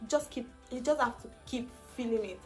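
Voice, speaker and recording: A young woman with a high-pitched voice tells a personal story in her vlog, and her laughter often slides into tears. She shares it with earnest, faith-filled encouragement, and faint music plays behind her. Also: normal speed. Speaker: vlogger.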